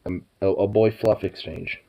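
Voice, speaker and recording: A man's voice: on the low side, fairly even intonation, normal speed, creaky, mellow. A young man chatting late at night to his pets, stoned and sleepy, cooing baby talk, swearing, laughing often. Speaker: vlogger.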